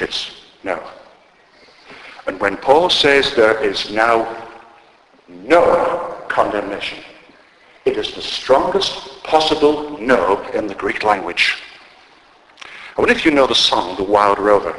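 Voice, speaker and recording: A man preaching a sermon, emphatic and storytelling, swinging between loud declarations and quiet asides. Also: fairly low pitch. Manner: storytelling, conversational humour. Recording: roomy hall with long reverb.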